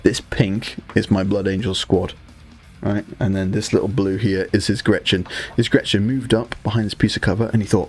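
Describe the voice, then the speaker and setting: A man's voice: fairly low pitch, fairly even intonation, moderate pace, darkish tone, faint music behind. A young British man with a British accent, chatting casually to his live-stream audience and joking with the chat. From Britain. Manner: chatty, banters with chat, swears. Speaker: hobby streamer.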